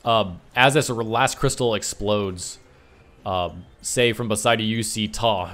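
A man's voice: lowish voice, measured pace, a bit bright. A man running a tabletop game as game master, narrating scenes with spoken sound effects over an online voice chat mic.

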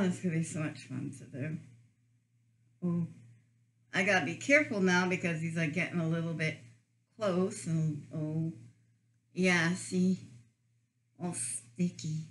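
A woman chatting casually and giggling as she eats through a food challenge on her vlog. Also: fairly low pitch. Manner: giggly, chatty while eating. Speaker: vlogger.

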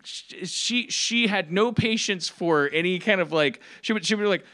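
Man, slightly raised pitch, rambling anecdotal podcast talker with constant stammered restarts. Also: moderate pace, sharp tone. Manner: rambling, stammering restarts, laughing while telling. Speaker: podcast panelist telling a story. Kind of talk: casual chat. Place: live podcast stage.

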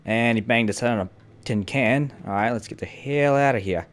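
A man with a mid-range voice hosts a casual gameplay video at a moderate pace. He jokes around, swears a lot, and talks to himself as he plays.

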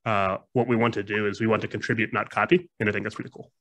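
A man's voice: on the low side, level tone, a bit bright. A man on a video-call panel, talking enthusiastically. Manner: enthusiastic, quick talker. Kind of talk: panel discussion.

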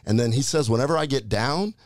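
A man in his fifties hosting a casual interview, relaxed and conversational, prompting his old friend with questions. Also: mid-range voice, fast, no room sound, clean studio sound. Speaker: podcast host.

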